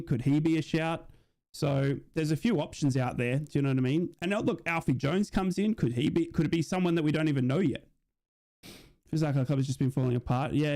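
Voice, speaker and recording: A man's voice: fairly high pitch, darkish tone. A man streaming a live football watch-along, chatting casually, reading out viewers' messages and often asking "do you know what I mean".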